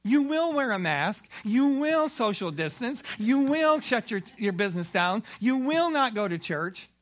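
A tyrannical ancient king barks commands in a high, strained, bright voice, as a preacher acts him out mid-sermon. He is domineering and loud, with every demand landing like a decree. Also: very animated, a little slow, exaggerated voice. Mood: angry demanding. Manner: commanding, shouting orders. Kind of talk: sermon retelling with acted quotes.

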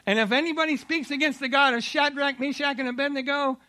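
A tyrannical ancient king barks commands in a high, strained, bright voice, as a preacher acts him out mid-sermon. He is domineering and loud, with every demand landing like a decree. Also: steady tone, fast. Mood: proclaiming. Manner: commanding, shouting orders. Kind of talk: sermon retelling with acted quotes.

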